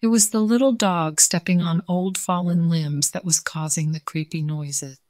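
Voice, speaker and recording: Woman, children's story reader, lowish voice, calm, dry close recording. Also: moderate pace, hardly any pauses, no room sound.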